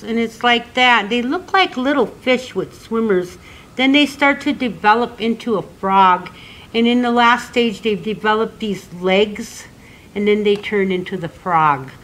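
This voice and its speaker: With a fairly high-pitched voice, an elder teacher leads children through a slow, gentle lesson of counting, singing, and repeat-after-me words. The recording is rough.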